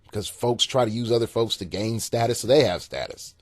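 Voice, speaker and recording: A man's voice: lowish voice, a little fast, no echo, clean studio sound. A man hosting a solo podcast and coaching gamers in a rambling, casual monologue, repeating words and chuckling at his own jokes. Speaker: podcast host and game coach.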